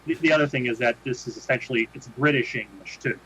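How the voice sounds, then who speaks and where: A man's voice: mid-range voice, fast talker, a crowd in the background. A man co-hosting a podcast, chatting casually and rambling with many restarts. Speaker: podcast co-host. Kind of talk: casual chat. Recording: dull lo-fi sound with faint noise.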